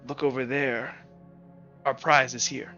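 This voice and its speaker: Man GM doing a hushed feline dad, stern yet kind, solemn and slow, bright tone, muffled lo-fi audio. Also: medium pitch, flat delivery, soft background music. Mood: focused. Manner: quiet, solemn, measured fatherly counsel. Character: stern but gentle cat-folk father, middle-aged.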